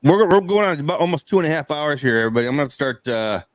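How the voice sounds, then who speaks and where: A man's voice: a little high, animated, racing, no room sound. Easygoing male podcast host. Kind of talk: casual chat.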